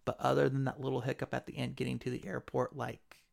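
Podcast host, man, heavy vocal fry, chatty animated storyteller. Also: mid-range voice, quick pace. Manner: animated retelling with quoted voices. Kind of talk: casual storytelling.

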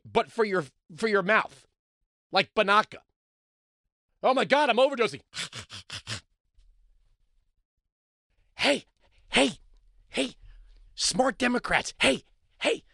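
A man hosting a talk radio show, delivering a sarcastic, mocking monologue that swings between loud outbursts and low mutters. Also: no echo, clean studio sound.

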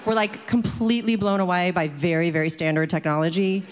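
A woman's voice: on the low side, steady tone, brisk, in a large hall, slight background noise. A woman telling a personal story to an audience in a chatty way, filling it with "like" and acting out the people in it.

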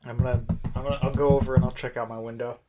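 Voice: mid-range voice, level tone, very fast, heavy background noise. A player in a tabletop role-playing game, reacting in a hesitant, chatty way.

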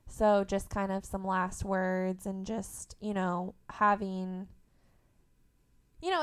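A young woman from Indiana chats as a podcast guest, her mid-range voice carrying a gravelly edge of vocal fry. She tells stories with animation and laughs easily along the way. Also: medium pitch. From Indiana, USA. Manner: animated storyteller, laughs often. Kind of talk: casual interview chat.

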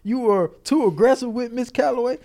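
A man voicing a pushy male lawyer who asks loud, challenging questions. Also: very high voice, brisk, voice pushed up.

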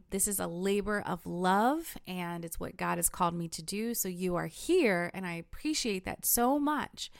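A woman's voice: mid-range voice, vocal fry, no room sound, clean studio sound. A woman in her thirties hosting a faith podcast, chatty and encouraging, a little stuffy from allergies. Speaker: podcast host.

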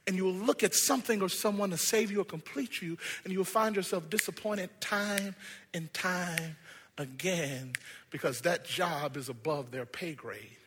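High bright-voiced preacher man, gets loud then quiet, big hall echo. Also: husky. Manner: animated preaching, swings from hushed to shouting. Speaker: pastor. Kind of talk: sermon.

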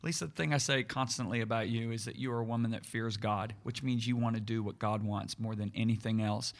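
A man's voice: on the low side, steady tone, fairly quick. A middle-aged man preaching earnestly in conversation, stressing words and repeating himself as he builds each point. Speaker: preacher and podcast co-host.

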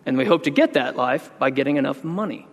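A man preaching a sermon in an earnest, conversational way, slowing down to stress key words. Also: mid-range voice, expressive, breathy edge. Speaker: pastor. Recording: long reverb in a large hall.

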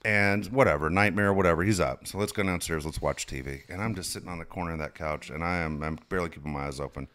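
A man's voice: deep voice, quick pace, hardly any pauses, a bit bright. A middle-aged man telling rambling, self-mocking stories in a casual chat, swearing freely. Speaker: podcast co-host and father.

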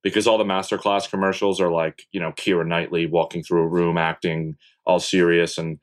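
Young dude w a low voice, chill rambly podcast guest, swears casually, lots of "like". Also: male voice, level tone, fairly quick. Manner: laid-back, rambling, swears casually, many fillers. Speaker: podcast guest, content creator. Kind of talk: casual interview chat.

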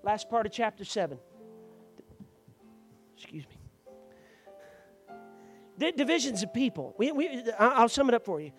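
A man preaching a sermon to a congregation in church, moving from quiet explanation to loud, fervent preaching and calling out members by name. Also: very high voice, big pitch swings, moderate pace, long pauses, faint music behind.

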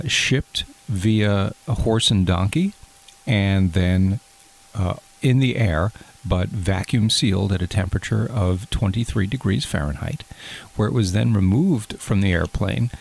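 A man playing a touchy, fondue-loving guest who talks in a deadpan, stammering way in an improvised comedy bit. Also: low-pitched, vocal fry, full character voice.

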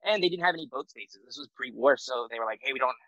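A man's voice: mid-range voice, expressive, quick pace, fairly bright tone, no echo, highs cut off. A man in his forties from the United States, a military veteran guest telling his story in a loose, self-deprecating way, full of fillers and restarts. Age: 40s. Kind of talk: casual storytelling interview.

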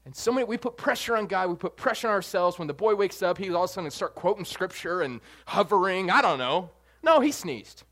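Male preacher, high voice, animated and jokey delivery. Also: a little fast. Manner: animated, jokey, swings between soft and loud. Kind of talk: sermon.

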